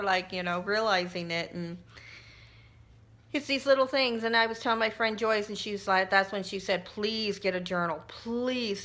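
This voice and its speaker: A middle-aged woman speaks in a casual vlog while she works on a craft project. She tells her story in a heartfelt, emotional way, often restarting sentences. Her voice sits at an ordinary pitch for a woman. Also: a bit bright. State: tearful at times. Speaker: crafting vlogger.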